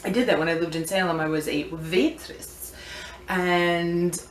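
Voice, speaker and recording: Her voice sits on the low side and she takes her time as she shows her vintage antique finds in a casual vlog. The antiques seller is chatty, playful and rambling, recorded in an echoey room with faint background noise.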